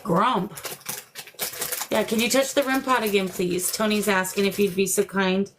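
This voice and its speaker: An older woman hosts a paranormal livestream from home, chatting casually, laughing, and coaxing spirits with questions. Her mid-range voice is steady at normal speed, with slight background noise.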